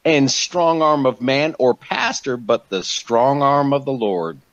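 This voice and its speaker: Fervent quick-talking man, dull lo-fi sound. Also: medium pitch, expressive, no room sound. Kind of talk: casual preaching chat.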